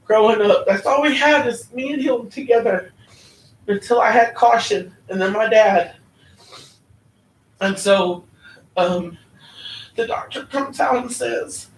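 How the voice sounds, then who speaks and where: A woman giving a heartfelt personal testimony at church, often asking "right?" as she goes. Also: mid-range voice. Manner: earnest, heartfelt, often tags lines with "right?". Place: church hall. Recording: roomy, distant, faint background hum.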